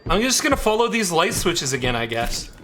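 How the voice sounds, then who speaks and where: A man with a high voice streams a horror game live, jittery and muttering to himself, repeating lines when scared. Faint hiss and clicks sit behind him. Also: big pitch swings, brisk, pushed and bright.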